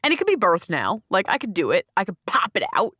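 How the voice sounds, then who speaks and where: Talking fast in a husky, medium-pitched voice, a woman delivers a solo podcast monologue from a small closet. She hosts the podcast and does coaching, and her delivery is candid and emphatic, expressive and full of swearing. The sound is dry and clean, like a studio.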